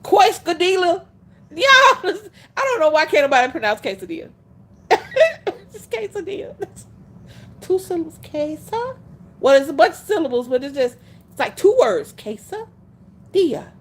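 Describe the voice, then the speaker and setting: A woman hosting a livestream, telling stories in a casual, animated way, laughing often and speaking bluntly. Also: high voice, moderate pace. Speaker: livestream host.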